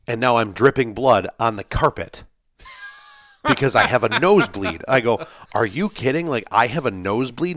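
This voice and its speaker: A young man in casual podcast chat, telling an animated story, acting out quotes and swearing freely. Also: mid-range voice, dry recording, clean studio sound.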